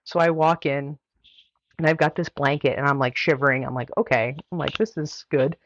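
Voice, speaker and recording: Low-voiced woman telling a story. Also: steady tone, normal speed, a little hiss or hum. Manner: chatty, heavy use of "like" fillers. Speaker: guest runner. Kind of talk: casual storytelling. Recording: dull, dry lo-fi audio.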